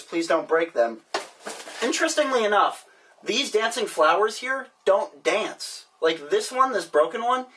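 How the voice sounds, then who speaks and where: A man's voice: high voice, pushed and bright, slightly rough. A man hosting a casual mail-opening vlog, joking and rambling sarcastically as he opens packages. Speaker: vlogger. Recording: distant mic, faint hiss.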